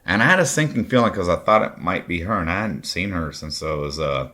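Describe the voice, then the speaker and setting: A man's voice: low voice, expressive, brisk, bright, forceful tone. A man in his late forties from Kentucky tells a raw personal story on his podcast, blunt and heavily profane. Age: late 40s. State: drinking. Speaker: podcast host.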